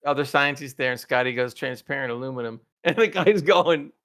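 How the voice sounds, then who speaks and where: A man co-hosting a casual TV review chat, enthusiastic and laughing, often trailing off softly. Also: on the high side, moderate pace. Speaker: podcast co-host.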